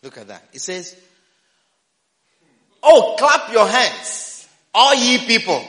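A man preaching a sermon, repeating his phrases and breaking into shouts, recorded in a church. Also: high voice, very animated, slow pace. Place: church sanctuary. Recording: roomy hall reverb.

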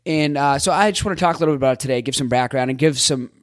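A man talks straight into a close mic in a rambling, joking podcast monologue, tossing in casual swears and restarting his sentences. His voice sits at an ordinary middle pitch, and the recording is dry with no room sound around it. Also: racing, no echo. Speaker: podcast host and life coach.

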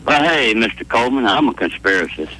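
A man calling in to a sports talk radio show, talking in a slow, deadpan, rambling way. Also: mid-range voice, a little hiss or hum, low-quality recording. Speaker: caller. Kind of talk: call-in chat.

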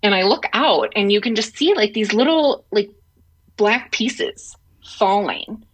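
A woman's voice: a little slow, slight background noise. A woman co-hosting a podcast over a call, telling a story in casual chat, acting out quotes and leaning on "like". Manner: animated storyteller, acts out quotes with big pitch jumps; fillers like "like" and restarts. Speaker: podcast co-host. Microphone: remote call.

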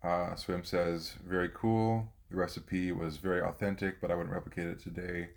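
A man's voice: sits low, a little fast, creaky. A man hosting a podcast, chatting casually with fillers and reading a poem aloud. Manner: relaxed, thinking out loud with fillers. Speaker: podcast host. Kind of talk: casual chat and poetry reading.

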